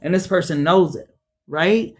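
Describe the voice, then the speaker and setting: A woman giving a casual tarot reading, talking straight to viewers in a blunt, profane way that jumps into high, excited bursts. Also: measured pace, slightly rough. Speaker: tarot reader.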